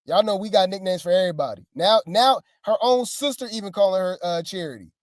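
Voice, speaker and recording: A woman's voice: medium pitch, fast, no room sound, studio quality. Chatty woman gossip commentator. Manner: chatty, wry, talks straight to viewers.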